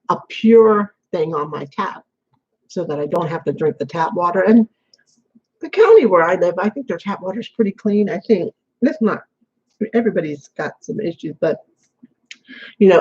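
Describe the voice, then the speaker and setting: A vlogger talking casually to camera from an apartment, drifting from point to point and repeating phrases. The voice is husky and a little breathy. The audio sounds dull and lo-fi, as if it came from a built-in camera mic. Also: medium pitch, lively intonation, moderate pace, darkish tone. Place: home apartment, indoors. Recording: dull lo-fi home recording.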